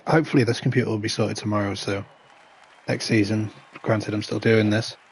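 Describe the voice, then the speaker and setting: A man's voice: fairly low pitch, little pitch movement, a little fast, husky. Chatty man commentating races. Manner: chatty, rambling, dry humour. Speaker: race commentator. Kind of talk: casual live race commentary.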